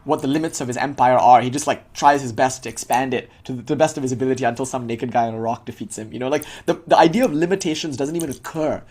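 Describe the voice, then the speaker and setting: A man leads a loose, conversational spiritual talk for his students. He talks quickly and his voice has a husky edge. He keeps dropping in "like" and laughs often. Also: mid-range voice, a little mellow. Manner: casual, heavy with filler "like", frequent laughter. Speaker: spiritual teacher. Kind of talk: informal dharma talk to students.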